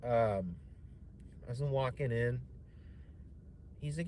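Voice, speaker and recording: A young man with a mid-pitched voice tells a story on a casual stream. He rambles, restarts and swears freely, with faint noise behind him. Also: expressive, unhurried, pauses often. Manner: rambling, profane, with many fillers and restarts. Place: home streaming setup.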